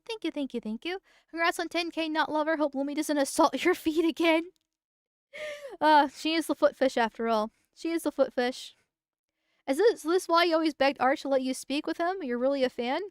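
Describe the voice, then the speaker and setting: A woman's voice: high voice, dry recording, studio quality. A woman streamer chatting casually on a live stream while reacting to a video, rambling, giggling and swearing freely. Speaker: VTuber streamer.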